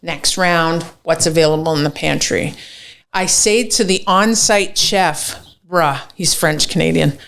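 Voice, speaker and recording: Woman chef spinning a lively tale. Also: on the low side, a little slow, gravelly. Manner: swears freely, acts out quoted dialogue. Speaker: chef, podcast guest. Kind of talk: animated storytelling in casual chat.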